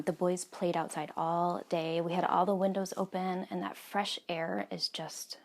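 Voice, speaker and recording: Speaking in a lowish, gravelly voice, an American woman in her thirties runs a relaxed knitting podcast out of her house. The talk is casual and chatty, peppered with many ums and gentle side remarks.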